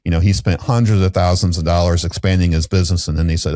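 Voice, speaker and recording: Deep-voiced man telling a candid story. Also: fairly even intonation, fast talker, warm tone, no room sound. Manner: rambling, frequent restarts and fillers. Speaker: podcast guest.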